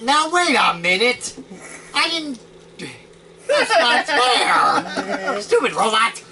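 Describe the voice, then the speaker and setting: A game master voicing an indignant scorpion warrior in a tabletop game who shouts insults, on a noisy home recording. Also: mid-range voice, huge pitch swings, normal speed, distant mic, pitched above the performer's own voice. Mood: outraged. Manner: outraged, shouting.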